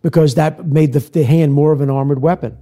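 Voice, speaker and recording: A man's voice: a little high, fairly even intonation, brisk, dark tone, faint music behind. A man being interviewed, reflecting on past events in a wry, self-questioning way. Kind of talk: reflective recollection.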